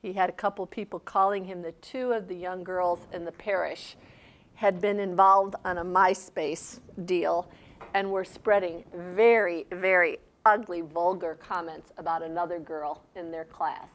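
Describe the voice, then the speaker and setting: In a seminar room, a woman leads a workshop exercise, speaking conversationally and retelling a story that includes quoted dialogue. Her voice is lowish and steady, and she doesn't hurry.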